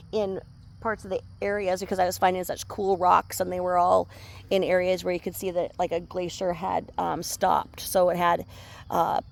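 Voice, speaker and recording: A woman with a lowish, vocal-fried voice vlogs outdoors beside a remote river, filming on a handheld phone. Her casual narration rambles, full of fillers and asides.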